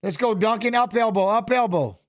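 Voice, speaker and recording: In a dry recording, a high-pitched man speaks a little fast, giving casual live fight commentary as a watch-along host. He's animated, repeats phrases, and calls out coaching to the fighters.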